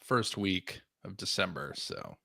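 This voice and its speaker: A man's voice: sits low, wildly swooping pitch, measured pace, creaky, crowd noise. A man co-hosting a podcast in casual chat, upbeat and laughing often. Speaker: podcast co-host.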